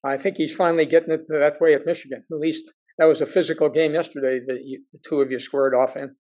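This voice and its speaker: An older man with a somewhat high-pitched voice talks plainly in a casual chat. He is a former football recruiter who repeats his points for emphasis. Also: little pitch movement, fast, a little mellow, highs cut off.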